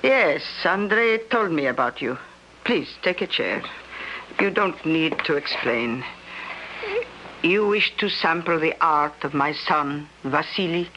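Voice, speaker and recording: A woman's voice: low voice, expressive, takes it slowly, bright, forceful tone, highs cut off, slight background noise, exaggerated voice. An actress playing a greedy old female medium who haggles over money and pretends to be hard of hearing, in a 1970s radio drama. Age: older. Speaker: fortune-telling medium.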